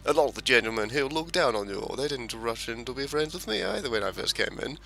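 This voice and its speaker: A game video maker chats casually while playing a flight game, reading the campaign story aloud and poking fun at himself. His mid-range voice is creaky and sharp-toned, with lively intonation and a quick pace.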